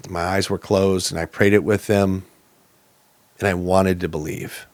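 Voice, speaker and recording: Brief: low-voiced man, plainspoken and earnest, dry close recording, personal storytelling. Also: flat delivery, measured pace, no echo. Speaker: podcast guest.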